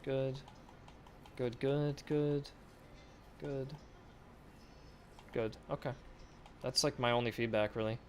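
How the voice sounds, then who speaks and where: Male game dev, casual offhand streamer, average pitch, faint noise. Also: fairly even intonation, slow pace, long pauses. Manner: mumbled, offhand, repeating short approvals. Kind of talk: casual livestream feedback.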